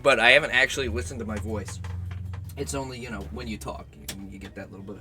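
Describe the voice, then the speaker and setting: A sick young man with a hoarse, cracking voice and a cough, chatting casually and swearing while he streams a game. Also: medium pitch, fast, heavy background noise. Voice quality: rough, cracking voice. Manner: rambling, self-mocking, swears often. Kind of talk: casual gaming stream chat.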